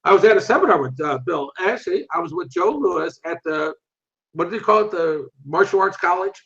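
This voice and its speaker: High-voiced older man telling animated stories. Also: a little fast, vocal fry. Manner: animated anecdotes, acts out voices, swears. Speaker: interview guest, martial arts instructor. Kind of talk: casual storytelling. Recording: muffled lo-fi recording.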